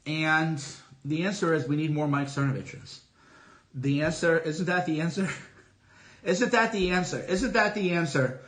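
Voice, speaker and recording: A middle-aged man on a solo livestream, talking casually with boastful, emphatic, repetitive declarations. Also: fairly high pitch. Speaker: livestream host. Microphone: streaming from a phone.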